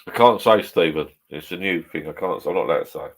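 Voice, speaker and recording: Middle-aged man, very low voice, rambling live chat, swears a lot. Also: fast talker, slightly rough. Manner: swears freely, rambling and chatty. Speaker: vlogger chatting with live viewers. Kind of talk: casual live-stream chat. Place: home garden bar shed.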